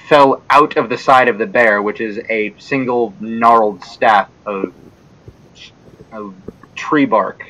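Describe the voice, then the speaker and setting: An Australian man running a tabletop game as dungeon master, narrating scenes vividly over an online call. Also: low-quality recording. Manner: vivid descriptive narration, lively pitch.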